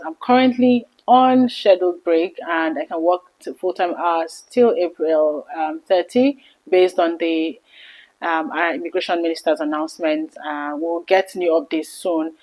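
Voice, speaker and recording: A woman in her thirties telling a personal story to camera in an earnest, emotional vlog, her voice often dropping soft. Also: fairly low pitch, moderate pace, rough recording. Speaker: vlogger.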